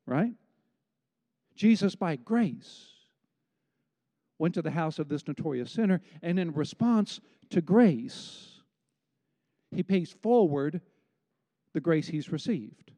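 A man's voice: on the high side, lively intonation, normal speed, mellow. A middle-aged man preaching a sermon, explaining a Bible story with asides to the congregation. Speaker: pastor. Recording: long hall reverb.

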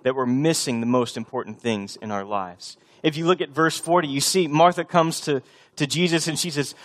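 A man's voice: medium pitch, brisk. A male pastor in his thirties preaching a sermon, conversational and often building to emphatic repetition.

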